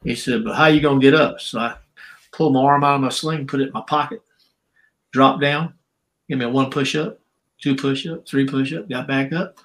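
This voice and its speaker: An older man tells a long story as a podcast guest. He talks casually, and his pitch jumps high whenever he acts out what others said. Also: normal speed, poor audio. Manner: animated storyteller, acts out quotes with shifting pitch. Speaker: former pro wrestler, guest. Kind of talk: storytelling interview. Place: podcast recording.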